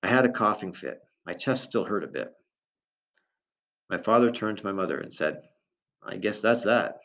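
Low-voiced man narrating a novel. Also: lively intonation, normal speed, vocal fry, fairly bright tone. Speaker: audiobook narrator. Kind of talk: first-person novel narration. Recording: dull lo-fi recording.

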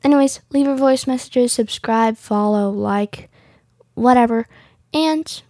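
A woman's voice: fairly high pitch, a little slow, a little mellow, no room sound, clean studio sound. A woman hosting a casual podcast, rambling along with plenty of "like" fillers. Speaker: podcast host.

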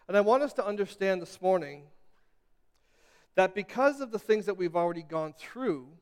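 High-voiced preacher in an echoey hall. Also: male voice, smooth. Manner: repetitive, stammering restarts, building to emphatic crescendos. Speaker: pastor. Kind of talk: sermon.

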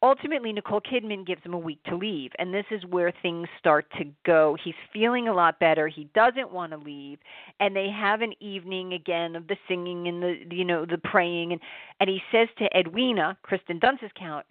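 A woman giving a chatty, animated film review, restarting her sentences often. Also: on the low side, normal speed, no echo. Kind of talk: casual spoken film review. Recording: dry, tinny phone-like sound.

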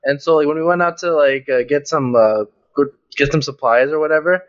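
Young male co-host, casual rambling storyteller, slightly high voice, muffled lo-fi sound. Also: a little fast. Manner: rambling, animated retelling with many fillers. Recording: dull lo-fi audio.

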